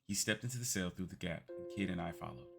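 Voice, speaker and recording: A man streaming, reading a text game aloud as a calm bedtime story with quiet asides. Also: low voice, quick pace, gravelly, music in the background.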